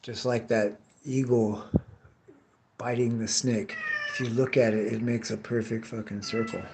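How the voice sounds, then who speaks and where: A middle-aged man speaks in a mid-range voice with a level tone and measured pace against background noise. A tree care worker vlogging as he cuts bottles, he rambles profanely about old bosses and work crews.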